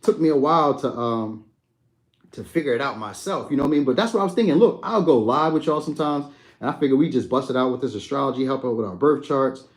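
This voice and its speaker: A young adult man hosting a live stream, chatting casually and answering viewers' comments by name in a relaxed, slangy way. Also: mid-range voice, fast talker. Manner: laid-back, slangy, talks to viewers by name.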